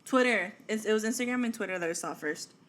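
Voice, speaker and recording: A young woman co-hosting a podcast in casual chat, giggly and quick to react with swearing. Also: medium pitch, a bit bright. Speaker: podcast co-host.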